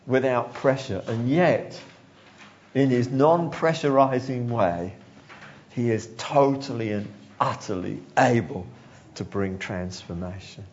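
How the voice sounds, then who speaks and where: Animated man preaching a sermon. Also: medium pitch, normal speed, lo-fi sound. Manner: animated storytelling, acting out quotes, chuckling.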